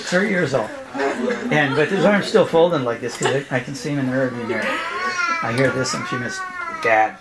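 A middle-aged man, once a youth pastor, shares a heartfelt family story with a church gathering. His voice sits at an ordinary pitch, and he often breaks into laughter as he imitates his young sons. The live recording has a clear layer of background noise. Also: wildly swooping pitch, fairly quick. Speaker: former youth pastor speaking at a church event. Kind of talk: personal testimony storytelling.

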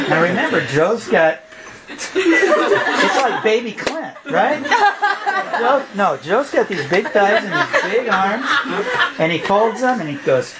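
A man's voice: high-pitched, very animated, unhurried, pauses often. A middle-aged man, a former youth pastor, telling a personal testimony at a church event, laughing often and acting out his children's voices. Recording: noisy live recording.

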